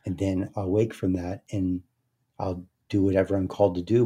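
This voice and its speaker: Low husky dude talking slow n calm on a podcast, drifts into soft chanting. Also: male voice. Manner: slow, meditative, softens into quiet repeated chanting. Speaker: guest, speaker and success coach. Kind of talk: casual interview talk.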